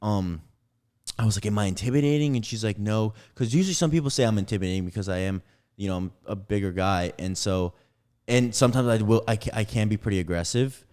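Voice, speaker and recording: A man's voice: fairly low pitch, quick pace, clear, resonant tone. A young man casually telling a rambling story on a podcast, acting out what each person said. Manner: rambling, animated retelling with acted-out quotes.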